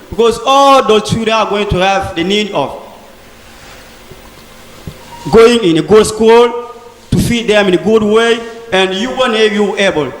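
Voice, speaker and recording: High-pitched guy explaining his side earnestly, echoey hall. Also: a bit bright. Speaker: debate participant. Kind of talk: argumentative speech in a discussion group. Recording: echoey hall with long reverb.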